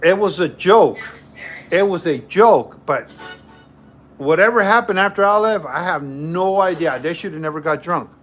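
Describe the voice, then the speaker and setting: A man's voice: high-pitched, lively intonation, normal speed, fairly bright tone, soft background music. A man hosting a livestream, telling a story to his chat in a casual, joking way and repeating himself often. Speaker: livestream host.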